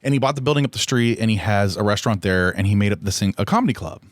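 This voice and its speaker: A man with a fairly low voice rambles through a solo podcast episode, candid and liberally profane. He keeps poking fun at himself as he goes. His voice is recorded dry and close, with no room sound. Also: very fast, dry recording. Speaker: podcast host. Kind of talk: casual solo podcast chat.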